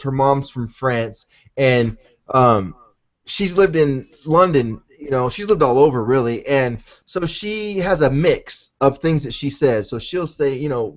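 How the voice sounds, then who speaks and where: A man's voice: medium pitch, highs cut off. A man hosting a casual live-show chat, laid-back and profane, calling everyone "man". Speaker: show host.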